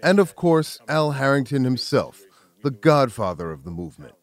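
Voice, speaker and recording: A man who hosts a news segment, reading scripted narration in a measured reporter's delivery. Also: medium pitch, sing-song. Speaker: news correspondent and host.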